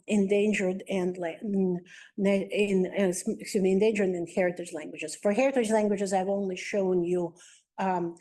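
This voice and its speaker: A woman's voice: medium pitch, warm tone. A woman giving an academic linguistics lecture as a guest speaker, explaining step by step with frequent "uh" and "um" fillers.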